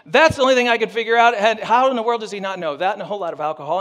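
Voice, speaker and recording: A pastor telling a story in a humorous sermon, animated and joking with his audience. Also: high-pitched, very fast, hardly any pauses, big-room sound.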